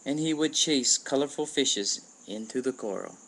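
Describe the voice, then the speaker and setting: Man, storybook read-aloud, steady plain narration, mid-pitched voice, webcam recording. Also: normal speed, slight background noise. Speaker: storybook reader. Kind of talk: reading a children's storybook aloud.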